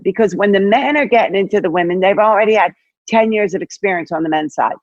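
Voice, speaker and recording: An older woman, a head basketball coach, chatting as an interview guest, telling stories in an animated way with lots of fillers and acted-out quotes. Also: medium pitch, fast, no room sound, lo-fi sound. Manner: animated, acts out quoted dialogue, many fillers. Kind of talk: casual interview storytelling.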